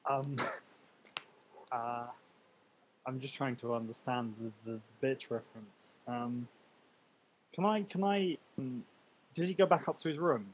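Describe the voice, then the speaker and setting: A man's voice: mid-range voice, measured pace, pauses often, husky, low-quality recording. Playful man playing a tabletop game. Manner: hesitant, playful. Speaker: player. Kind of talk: casual tabletop play.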